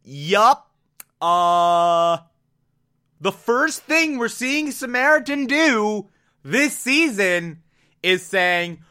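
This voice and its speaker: A man casually and excitably recapping a TV episode, acting out the characters as he goes. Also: sits high, drawn-out words, clean tone. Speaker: TV show recapper.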